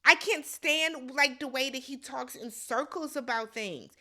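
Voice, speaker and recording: A woman's voice: high-pitched, measured pace, sharp tone. A woman giving a blunt, exasperated casual recap commentary, talking straight to the viewer. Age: adult. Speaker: recap vlogger.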